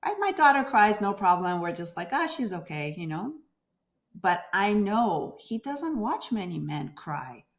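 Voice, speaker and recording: A woman in her thirties, a doctor speaking as a guest in an interview, talking in an expressive way and acting out the voices she quotes. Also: medium pitch, unhurried. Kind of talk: conversational interview.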